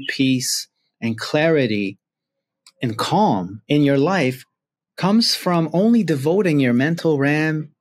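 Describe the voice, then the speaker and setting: A man talking to camera in a reflective self-help monologue, earnest and drawing out key words. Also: mid-range voice.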